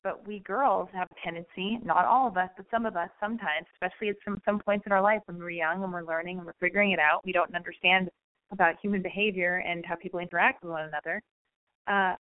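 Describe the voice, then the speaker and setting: A woman's voice: on the low side, steady tone, quick pace. Frank, rambling woman radio host. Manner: candid, rambling, frank and profane. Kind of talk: call-in advice show chat. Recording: phone-like narrow band.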